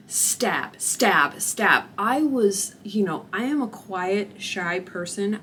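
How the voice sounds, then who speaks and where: A young woman talks straight to camera, recounting a personal story with lively, expressive delivery and acted-out quotes. Her voice is bright and clear. There is a faint hum of room ambience behind her. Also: mid-range voice. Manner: animated, expressive retelling with acted-out quotes and laughter. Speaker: vlogger.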